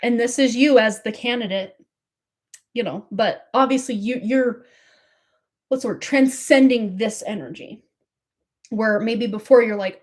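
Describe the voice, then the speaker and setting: A woman's voice: medium pitch, a little slow, a little mellow. A woman giving a live tarot reading in a chatty, rambling way, laughing often. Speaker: tarot reader.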